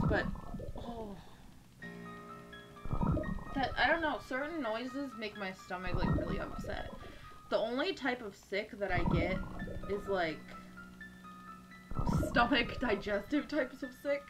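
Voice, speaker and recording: A woman's voice: on the high side, lively intonation, unhurried, pauses often. A young woman hosting a game playthrough, giggling and rambling emotionally as she comments. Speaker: gaming video host. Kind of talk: let's play commentary. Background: loud game music.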